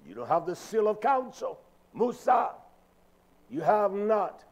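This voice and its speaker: A man's voice: high voice, big pitch swings, measured pace, a little mellow, low-quality recording. A man preaching a sermon with an emphatic, repetitive cadence.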